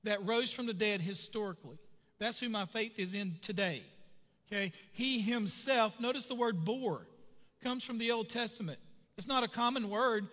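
A male pastor preaching a sermon in earnest, emphatic style, slowing down to stress key phrases. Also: high-pitched, a bit bright. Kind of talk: sermon with prayer. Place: church sanctuary. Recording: reverberant church hall.

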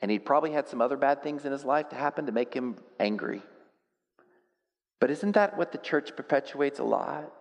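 Guy pastor preaching, goes quiet then gets loud and animated, jokes at himself, big echoey church hall. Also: mid-range voice, brisk, vocal fry. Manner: self-deprecating humor. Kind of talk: sermon.

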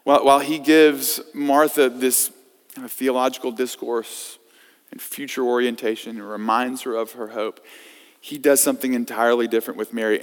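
A man preaching a sermon as pastor, swinging from loud emphasis to hushed scripture reading. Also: medium pitch. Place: church sanctuary. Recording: long reverb of a church hall.

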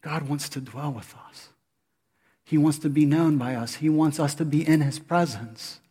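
A man preaching a sermon as pastor, animated, with rhetorical questions to the congregation. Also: on the high side, moderate pace, slightly rough. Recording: long hall reverb.

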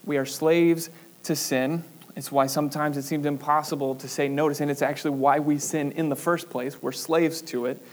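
A young man preaching, reading scripture in a measured way, then telling a chatty personal story with fillers and laughs. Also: on the high side.

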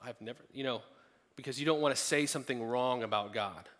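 A man preaching a sermon, talking conversationally and rising to loud, emphatic peaks. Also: mid-range voice, a little fast, long reverb tail. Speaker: pastor.

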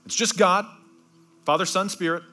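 Male pastor, slightly higher voice, bright and forceful, conversational sermon with hushed, slowed emphasis. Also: fairly even intonation, soft background music. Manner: conversational, with repeated asides like "okay?".

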